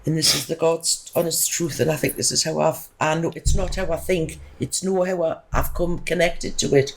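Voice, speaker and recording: A woman's voice: low voice, steady tone, moderate pace, vocal fry, poor audio. A middle-aged woman, chatting emphatically as a podcast guest and telling a rambling personal story. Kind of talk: casual storytelling.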